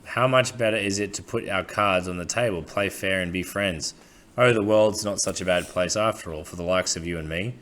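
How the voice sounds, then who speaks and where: A man reading as a sly, knowing man who speaks in a hushed, confiding, ingratiating way. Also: deep voice, normal speed.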